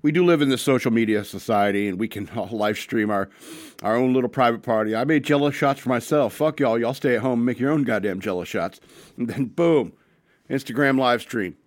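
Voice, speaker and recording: A man's voice: mid-range voice, dry recording. A man hosting a casual radio talk show from a small studio, rambling and joking crudely. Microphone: studio mic.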